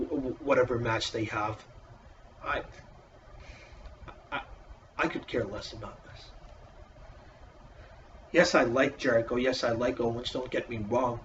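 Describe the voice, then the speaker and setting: A man's voice: mid-range voice, distant mic, dull audio, slight background noise. A man casually reviewing a wrestling show in a profane, exasperated, sarcastic rant.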